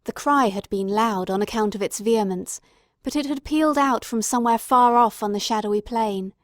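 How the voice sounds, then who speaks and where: A woman narrates a classic novel aloud at a measured, dramatic pace. Her voice sits fairly high, and the recording is close and dry. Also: dry recording. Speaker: audiobook narrator. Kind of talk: scripted narration.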